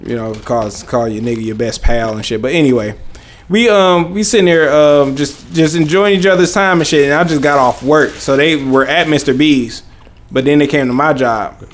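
A man's voice: a little high, moderate pace. Profane young man telling a story. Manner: profane, rambling, laughing storyteller. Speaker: podcast host. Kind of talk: casual storytelling.

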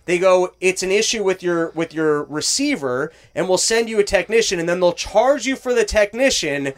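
A man's voice: high-pitched, normal speed. A man telling an exasperated, profane story in casual chat, acting out both sides of phone calls. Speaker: storyteller on a talk show.

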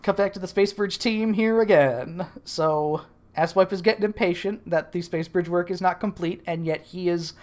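A woman with a slightly low voice co-hosts a casual podcast. She recaps the plot dryly, with plenty of swearing. Her delivery is relaxed and conversational. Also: normal speed. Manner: dry, profane storytelling. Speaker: podcast co-host.

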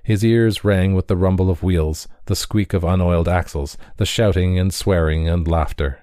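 Story reader, man, low dark voice, dry close sound. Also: fairly even intonation, moderate pace, no echo. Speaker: audiobook reader. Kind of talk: scripted story narration.

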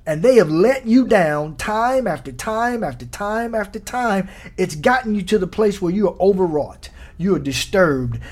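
A man preaching a sermon on his podcast, exhorting his listeners with repeated questions and emphatic peaks. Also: high-pitched.

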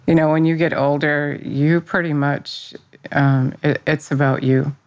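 A woman's voice: low voice, steady tone, measured pace, darkish tone. A middle-aged woman who teaches Bible study, sharing a personal faith testimony in an earnest, rambling way. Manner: earnest, rambling, with restarts and fillers.

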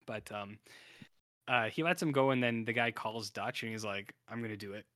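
A man's voice: medium pitch, moderate pace, bright, forceful tone, no echo. Rambling man on a dry podcast mic. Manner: rambling, heavy on fillers and restarts. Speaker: podcast co-host. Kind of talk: casual chat recapping a TV show.

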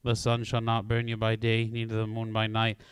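A man reading psalms and prayers aloud in a measured liturgical recitation, later chanting responses. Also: on the low side, completely flat delivery, clean tone, dry recording. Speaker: prayer reader.

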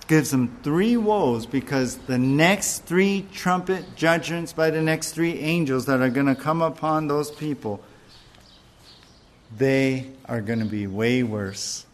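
A man preaching a sermon in a casual, conversational way, slowing down to stress key points. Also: fairly high pitch. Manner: conversational preaching with fillers and restarts, slowing for emphasis. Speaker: pastor.

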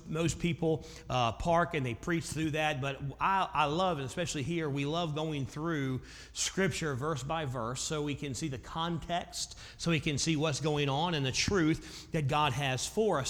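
A man preaching a sermon as pastor, growing loud and intense when he voices prayers. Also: on the high side, in a large hall.

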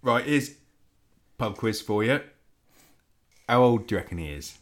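Laid-back guy, very animated up and down voice, chatting over beers. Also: medium pitch, a little slow. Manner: easygoing, agreeable banter. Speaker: podcast co-host. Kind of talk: casual chat while tasting beer.

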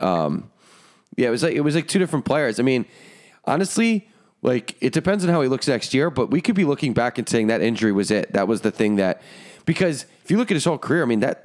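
A man's voice: medium pitch, lively intonation, quick pace, a little mellow. A man co-hosting a casual sports podcast, easygoing and rambling, with lots of "like". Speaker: podcast co-host.

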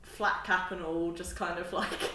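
A woman's voice: lowish voice, little pitch movement, a little slow, sharp tone, echoey room, slight background noise. A woman co-hosting a podcast at home, chatting casually, laughing often and mimicking other voices. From Britain. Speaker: podcast co-host. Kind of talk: casual chat. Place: home living room.

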